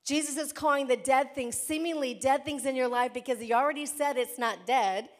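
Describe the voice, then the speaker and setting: Female pastor, fairly high voice, sermon delivery; repeats lines for emphasis, big dynamic shifts between loud and hushed. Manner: preaching with dramatic swings from loud declarations to hushed, slow emphasis.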